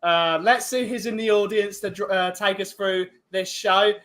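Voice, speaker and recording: A man's voice: high-pitched, steady tone, moderate pace, fairly bright tone. A man hosting a casual podcast, teasing his co-hosts with jokes. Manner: jokey, teasing. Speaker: podcast host. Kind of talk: casual banter.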